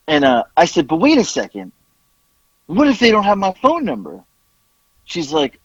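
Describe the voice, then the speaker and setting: A man co-hosting a casual podcast, telling a long story with a lively, swooping voice. He acts out the people he quotes. The sound is dry and a little dull. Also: fairly high pitch, normal speed, husky, no echo. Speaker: podcast co-host.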